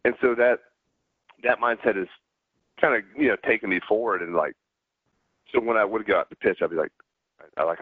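Middle-aged Southern man, interview guest, halting storyteller, low voice over a tinny line. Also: expressive, dry recording. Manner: halting, many restarts and fillers. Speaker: guest, former pro pitcher. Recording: dry, tinny phone-like line.

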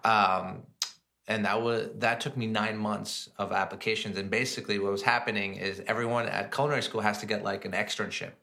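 A man, a chef and guest on a podcast, telling his stories in a casual, animated way with plenty of fillers. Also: lowish voice, brisk, gravelly. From United States. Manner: animated, lots of fillers and acted-out quotes. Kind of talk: casual storytelling chat.

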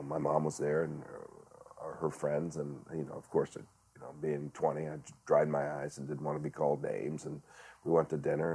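Guest: middle-aged man with a very deep voice, halting and reflective, lots of fillers. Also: gravelly, warm tone, breathy edge. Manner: halting, many fillers and restarts. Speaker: guest, director and actor. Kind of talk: reflective storytelling.

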